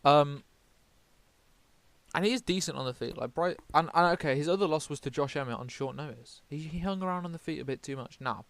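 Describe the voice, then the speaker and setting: A British MMA vlogger casually runs through his fight predictions, rambling, swearing often and correcting himself mid-sentence. His voice is fairly high, fairly quick, smooth and clear. The audio is dry, with no room echo.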